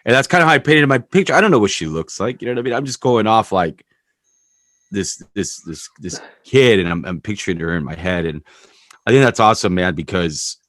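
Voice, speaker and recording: A man's voice: fairly low pitch, expressive, brisk, fairly bright tone, dry recording, studio quality. A man hosting a podcast, talking candidly in a rambling, casual way and swearing freely. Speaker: podcast host.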